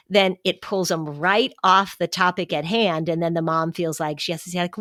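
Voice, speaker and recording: Lady podcast host, lowish voice, lively, does little voices, dry studio sound. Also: normal speed, hardly any pauses, no echo. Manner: animated, acts out quoted voices. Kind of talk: casual podcast talk.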